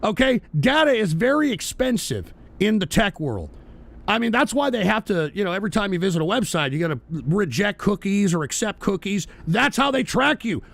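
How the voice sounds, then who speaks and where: A man's voice: sits high, very animated, normal speed, vocal fry, a bit bright, no echo. A male talk radio host ranting about politics, profane, heated and emphatic.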